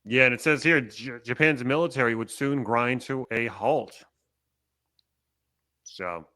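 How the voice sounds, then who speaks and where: Male interview host, bright tense tone, mid pitch, brief remarks. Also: a little slow. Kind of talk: interview questions.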